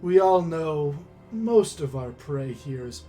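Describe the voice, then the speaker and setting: A man voicing a booming, cruel male beholder slaver who gloats and laughs at his captives, over soft music. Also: animated, slow. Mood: gloating.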